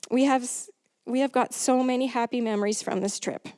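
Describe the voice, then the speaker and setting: A woman's voice: fairly high pitch, steady tone, darkish tone, no room sound. English woman reading a eulogy. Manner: measured, clears throat between passages. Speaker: family member reading tributes.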